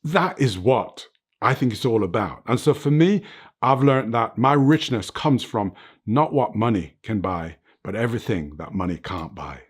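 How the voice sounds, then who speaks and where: A man's voice: fairly low pitch, animated, normal speed, slightly rough. Earnest older man preaching life lessons. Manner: tags points with "right?" and "you know what". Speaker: interview guest, fitness motivator. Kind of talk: reflective motivational interview talk. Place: his home, under film lights.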